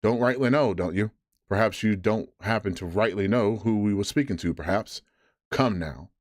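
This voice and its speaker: A man voicing a hearty, scheming one-legged pirate tavern keeper in a bedtime story reading, loud and blustering. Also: fairly low pitch, very animated, moderate pace, no room sound, studio quality. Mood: badgering.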